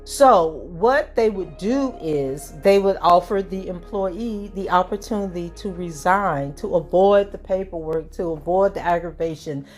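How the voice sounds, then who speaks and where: A woman hosting her own commentary channel, talking in a casual, chatty way with a hoarse allergy-season voice. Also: fairly low pitch, unhurried, few pauses, darkish tone, faint music behind. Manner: conversational, chatty with fillers. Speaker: channel host.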